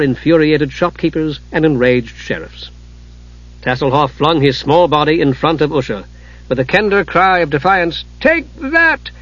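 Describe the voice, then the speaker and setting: A man's voice: fairly high pitch, no room sound. Man narrating a dramatic fantasy audiobook. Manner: dramatic, measured storytelling. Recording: dull lo-fi recording.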